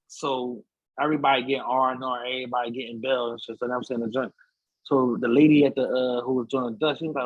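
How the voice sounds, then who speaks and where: Podcast guest, man, husky voice, slangy animated storyteller, dry close mic. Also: medium pitch, fast talker, no echo, highs cut off. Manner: slangy, repeats "so I'm like", acts out voices. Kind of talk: animated storytelling in casual conversation. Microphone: studio podcast mic.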